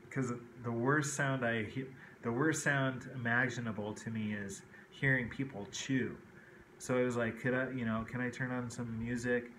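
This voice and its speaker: A man talking casually to his viewers at a middle pitch, rambling from one thought to the next. The room sounds echoey, with a faint hum of ambience behind him. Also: a bit bright. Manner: rambling, frequent "okay" and "kinda like". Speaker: vlogger. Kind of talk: casual personal talk to camera. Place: indoors at home.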